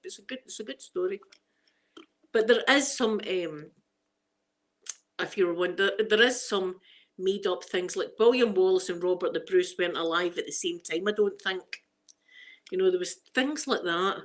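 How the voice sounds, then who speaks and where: A woman's voice: on the low side, moderate pace, pauses often. A Scottish woman in her forties, chatting casually for an ASMR video, self-mocking and laughing often. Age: 40s. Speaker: ASMR creator.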